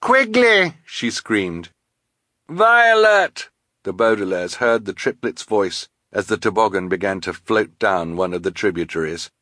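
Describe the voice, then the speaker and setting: A man reading a children's novel aloud in a measured storytelling manner. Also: low voice, steady tone, a bit bright, no room sound, studio quality. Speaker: audiobook narrator. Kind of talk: scripted narration.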